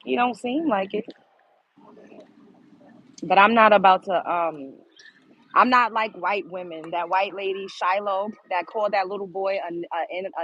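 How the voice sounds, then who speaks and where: A woman's voice: medium pitch, fairly bright tone, muffled recording. A woman hosting a live stream, chatting casually and exclaiming straight to her viewers. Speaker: livestream host.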